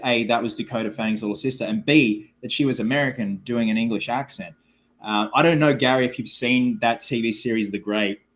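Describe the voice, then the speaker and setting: An Australian man hosting a live stream, chatting loosely with viewers and reading out their comments, full of "like" and "man". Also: medium pitch. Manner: filler-heavy, keeps saying like and man. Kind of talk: casual live stream chat.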